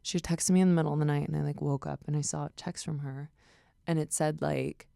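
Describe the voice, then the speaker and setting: Low, gravelly young woman telling stories. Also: fairly even intonation, a little fast, warm tone, no echo, studio quality. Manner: storytelling, swears freely, acts out quotes. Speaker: podcast guest. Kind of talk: casual chat.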